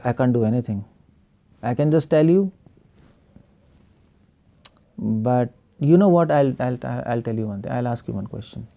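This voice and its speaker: A man's voice: mid-range voice, gravelly, dark tone. A male preacher giving an online spiritual class over a video call, firing rhetorical questions at the class and chuckling often.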